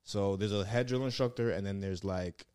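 A man's voice: lowish voice, moderate pace, darkish tone, clear, resonant tone, dry recording, clean studio sound. A man telling rambling, profanity-laced stories in casual chat, full of fillers. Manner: laid-back, swears a lot, lots of fillers. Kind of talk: casual storytelling.

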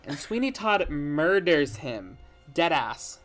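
Animated jokey storyteller, lively pitch. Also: normal speed, soft background music. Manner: animated, jokey, swears casually. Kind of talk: comedic plot recap.

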